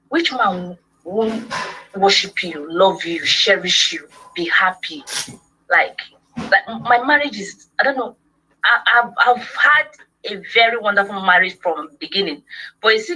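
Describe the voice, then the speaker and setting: A woman, a guest on a livestream interview, effusive and quick to laugh. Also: fairly low pitch, bright, forceful tone, slightly rough, rough recording.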